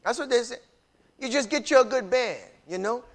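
A man preaching in a casual, emphatic way, repeating himself and building up to shouts. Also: extremely high pitch, a little fast. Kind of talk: preaching-style casual talk.

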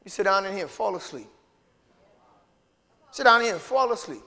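A man preaching a sermon as pastor, calling out to the congregation and swinging between low murmurs and shouts. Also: animated, normal speed, gravelly.

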